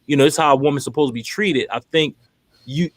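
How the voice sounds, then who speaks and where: A man with a slightly raised pitch for his sex talks easygoing and affirming, like a co-host chatting with guests. His voice sits close and dry, with no room around it. He greets viewers one by one as he reads their comments. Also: fast, no echo. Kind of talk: casual talk show chat.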